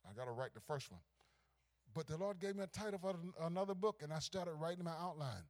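A pastor preaching a sermon, swinging from hushed asides to shouted climaxes. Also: male voice, fairly high pitch, animated, fast.

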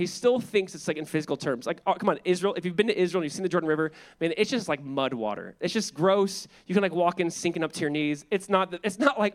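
With a high-pitched voice, the pastor keeps his sermon relaxed and animated, briskly voicing each person in the story as he goes.

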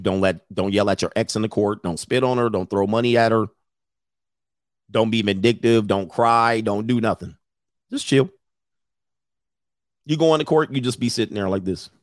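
A man's voice: on the low side, dry recording, studio quality. A middle-aged man giving blunt, profane advice in a casual talk, often mimicking others in a raised voice. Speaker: podcast host giving advice.

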